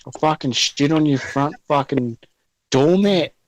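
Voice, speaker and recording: A man's voice: a little high, unhurried. A man in his thirties trading profane teasing banter on a video call. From Australia. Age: 30s.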